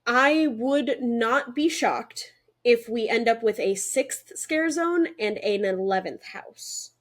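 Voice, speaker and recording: A woman's voice: a little high, slow pace. Chatty young woman podcast co-host. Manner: excited, chatty, many fillers. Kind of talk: casual chat.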